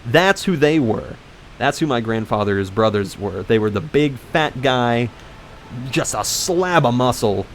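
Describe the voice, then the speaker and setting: A man's voice: medium pitch, unhurried, slight background noise. A young man in casual commentary, telling a long personal story over gameplay, rambling and correcting himself as he goes. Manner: rambling, self-correcting, animated when indignant. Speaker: let's play commentator.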